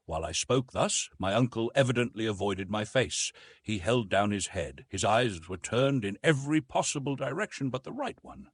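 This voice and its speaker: A man narrating a classic novel as an audiobook, with expressive, measured storytelling. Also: lowish voice, husky, no room sound.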